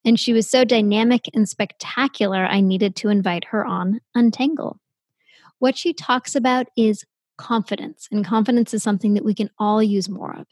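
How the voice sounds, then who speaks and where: A woman's voice: medium pitch, steady tone, normal speed, darkish tone, no echo. Upbeat podcast host woman, dry sound. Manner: upbeat, effusive. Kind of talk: scripted podcast introduction.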